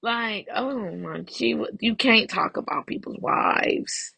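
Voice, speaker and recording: Young woman gossiping on her podcast w/ AAVE, bright voice kinda breathy, dry close mic. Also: on the high side, takes it slowly, dry recording. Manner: animated, profane, laughing often. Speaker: podcast host. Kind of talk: casual gossip commentary.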